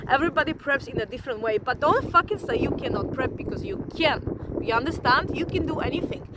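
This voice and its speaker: A woman, vlogging in a casual, profane, animated monologue to camera. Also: high-pitched, brisk, heavy background noise.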